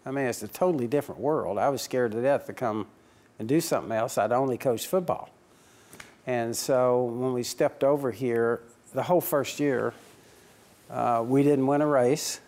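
A man telling his story in an interview, lively and animated, voicing each quoted line as he goes. His pitch sits in an ordinary middle range for a man. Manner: animated, acts out quoted dialogue with laughs. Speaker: racing team owner.

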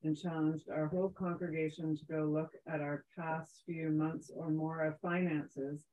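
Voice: medium pitch, level tone, normal speed, a little mellow, highs cut off, slight background noise. A moderator reading listener comments aloud at a talk.

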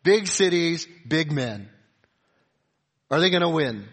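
Man, middle-aged, pastor, sermon, husky, a bit high-pitched, emphatic then hushed. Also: animated, slow pace. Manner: rises to emphatic peaks, drops to soft confiding asides.

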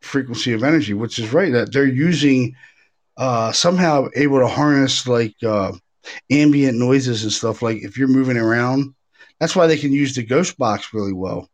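Guy hosting a paranormal chat, rambling and animated, lots of uhs. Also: medium pitch, moderate pace. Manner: animated storyteller, many fillers and restarts. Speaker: podcast host, paranormal investigator. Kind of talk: casual chat.

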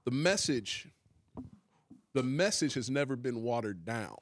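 Emphatic pastor hosting a faith talk. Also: male voice, mid-range voice, big pitch swings, unhurried, long pauses, dry recording. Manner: emphatic, repeats key lines for emphasis. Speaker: pastor and podcast host. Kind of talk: casual faith discussion.

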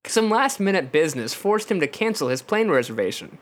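A man's voice: high-pitched, big pitch swings, a little fast. A man co-hosting a comedy podcast, reading a gamebook aloud in second person and breaking off for jokes. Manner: reads in second person, with joking asides. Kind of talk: comedic read-aloud narration and banter.

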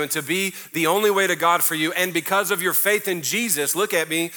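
A man's voice: high-pitched, brisk, pushed and bright, faint music behind. A middle-aged man preaching a sermon as pastor, emphatic and conversational, breaking into mocking little prayer impressions.

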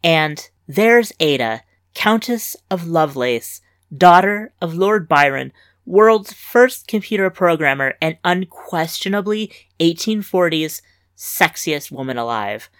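Woman, story narrator, wry and lively, somewhat low voice, dry studio sound. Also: slow, no echo. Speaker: story reader and host. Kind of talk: scripted fiction narration.

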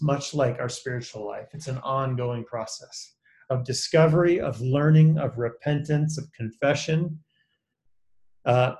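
Measured pastor, slow and reflective. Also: male voice, mid-range voice, darkish tone. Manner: slow, measured, with hesitant fillers. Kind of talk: reflective sermon on a video call. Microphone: video call.

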